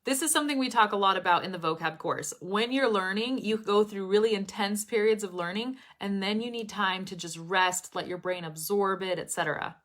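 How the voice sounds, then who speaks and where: Her pace is brisk with few pauses, her pitch medium, her tone a bit bright. She's a young English pronunciation teacher live-streaming to her students, very clear and expressive, laughing often.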